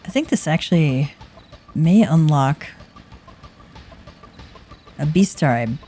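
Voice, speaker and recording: A woman hosting a gaming channel, chatting relaxed over gameplay as she thinks aloud. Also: deep voice, takes it slowly, husky. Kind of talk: casual gameplay commentary.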